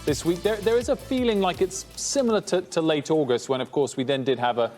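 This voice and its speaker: A man anchoring business news and interviewing a guest, halting as he stacks up fillers and restarts. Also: a little high, a little mellow, soft background music.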